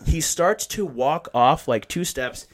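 A man's voice: on the high side, slow pace. A man casually telling a long story, swearing freely and acting out what people said. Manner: profane, animated storytelling with acted-out quotes. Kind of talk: casual chat.

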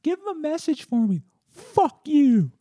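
A man putting on a high falsetto to mock a foul-mouthed, hostile hospital nurse who swears and sneers. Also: big pitch swings, unhurried, mellow, no room sound, clean studio sound, exaggerated voice. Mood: sneering. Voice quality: shrill falsetto.

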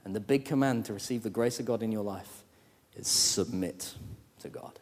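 A male pastor preaching a sermon, swinging from hushed, slow lines to loud, animated outbursts. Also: fairly low pitch. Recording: long hall reverb.

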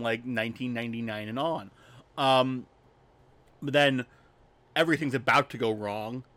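On a podcast stream, a male co-host with a medium-pitched, fairly bright voice recaps a film. His casual movie chat rambles and jokes along, heavily sprinkled with fillers.

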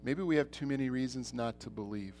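A middle-aged man preaching a church sermon, earnest, repeating himself, swinging between loud and soft. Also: medium pitch, a little fast, slight background noise. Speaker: pastor.

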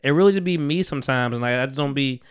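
A man's voice: mid-range voice, fast talker, clear, resonant tone, no echo, clean studio sound. A man hosting a podcast, chatting casually in a rambling way, with many restarts and easy laughs. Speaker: podcast host. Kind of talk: casual chat.

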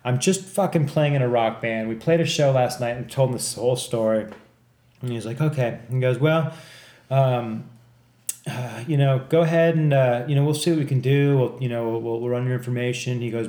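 A man's voice: mid-range voice, brisk. Profane man telling a wild story. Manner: profane, animated, acts out other people in the story. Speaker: podcast co-host. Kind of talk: casual storytelling. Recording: echoey room.

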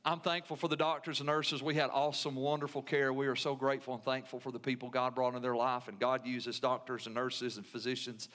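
A man's voice: mid-range voice, level tone, fast, few pauses, a bit bright. A man with a Southern US accent preaching a sermon as pastor, with emphatic repetition and call-and-response to the congregation.

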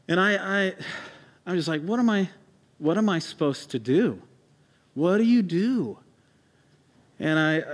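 Pastor, male, higher-pitched voice, preaching in a church hall with long reverb. Halting storytelling that grows emphatic. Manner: halting storytelling with many restarts and fillers, rising to emphatic preaching. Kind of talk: sermon.

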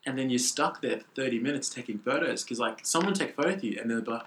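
A man's voice: medium pitch, rapid-fire, hardly any pauses, fairly bright tone, slight background noise. A young man talking as a guest in casual chat, laid-back and rambling, filling his talk with "like". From Australia. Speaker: guest athlete.

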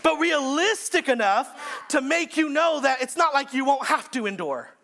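Preaching with emphasis, this male pastor repeats phrases and alternates between shouting and hushed delivery. His voice is very high-pitched and animated, at a moderate pace.

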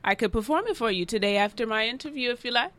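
A woman putting on a Jamaican dog walker pitching herself. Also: lively intonation, fairly bright tone. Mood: eager. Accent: put-on Jamaican. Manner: earnest, salesy job-interview pitch with drawn-out lists.

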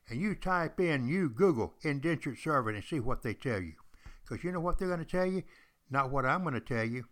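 A man's voice: mid-range voice, animated, brisk, fairly bright tone. An older man hosting a podcast, a former history teacher telling history in a folksy, emphatic way. He repeats himself and speaks straight to his listeners. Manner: emphatic, repetitive, addresses listeners directly.

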